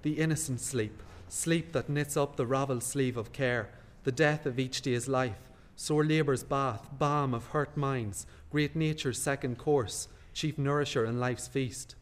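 An actor playing a guilt-haunted nobleman in classical stage style, hushed and brooding. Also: mid-range voice, steady tone, a little slow, hardly any pauses, natural voice. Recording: long hall reverb.

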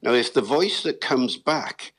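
A man, a linguist guest, explaining accents in a lively storytelling manner with the odd chuckle. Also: mid-range voice, a little slow, husky. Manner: lively storytelling, chuckles, talks to listeners as folks. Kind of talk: explanatory interview talk.

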